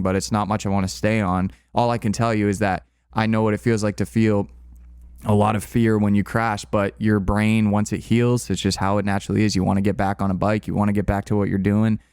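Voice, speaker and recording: A man's voice: fairly low pitch, a little mellow, clear, resonant tone, dry recording, clean studio sound. A young man casually telling a long personal story, candid and rambling, with fillers and restarts. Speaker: channel co-host.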